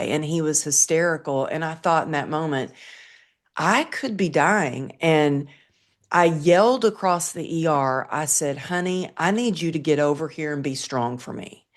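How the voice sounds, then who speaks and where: A woman with a low-pitched voice tells her own story as an interview guest. She is middle-aged and speaks in an earnest, vivid way.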